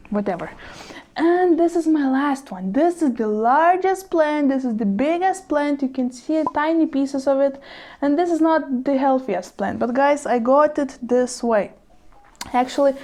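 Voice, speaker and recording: Her voice sits high with a dark tone as she gushes over her plants in a casual home vlog. English is her second language, so small slips creep in, and she giggles frequently and drops apologetic asides in a bubbly way.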